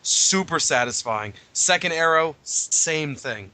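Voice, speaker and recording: A man co-hosting a podcast who tells lively game anecdotes and swears freely in casual chat. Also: on the high side, measured pace, no echo. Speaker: podcast co-host.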